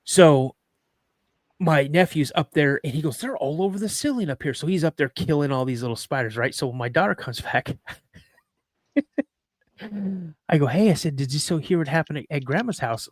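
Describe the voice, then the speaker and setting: A man's voice: fairly high pitch, lively intonation, normal speed, long pauses, dry recording, clean studio sound. A middle-aged man hosting a podcast, chatting casually with rambling jokes and reading a listener's story aloud. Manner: rambling, joking, restarts sentences. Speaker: podcast host.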